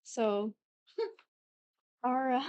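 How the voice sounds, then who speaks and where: Young woman, casual podcast recap, rambling and profane, smooth clear voice, dry close sound. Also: high-pitched, expressive, darkish tone, dry recording, muffled recording. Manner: rambling, profane, quotes characters in quick asides. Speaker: podcast co-host recapping a show. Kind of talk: casual chat.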